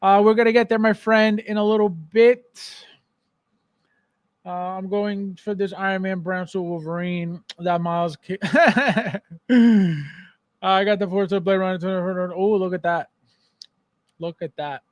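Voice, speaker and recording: A man's voice: sits high, fairly even intonation, unhurried, long pauses, dry recording. A man hosting a casual collectibles livestream, joking and teasing viewers by name. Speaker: podcast host.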